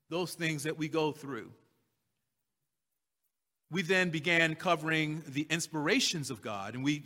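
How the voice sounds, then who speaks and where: Bright high-voiced man preaching in a hall. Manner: slow emphatic repetition, drawn-out scripture readings. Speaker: pastor. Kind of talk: sermon. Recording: long hall reverb.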